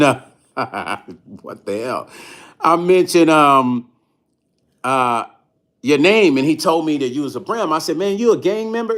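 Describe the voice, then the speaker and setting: A middle-aged man from Chicago telling a story on his livestream, animated and laughing often, acting out the other people's lines. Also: mid-range voice. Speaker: vlogger and musician.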